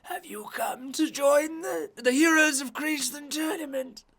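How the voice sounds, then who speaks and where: A man voicing an eager old wizard with a strained, raspy voice. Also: very high voice, measured pace, fairly bright tone, voice pushed up, heavily acted. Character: wheezy old male wizard, eager and kindly.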